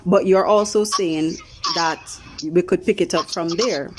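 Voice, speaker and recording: A Jamaican woman chatting with her partner in a brisk, practical way as they plan something. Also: fairly low pitch, fairly even intonation, background noise. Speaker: mother. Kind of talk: casual chat with her partner.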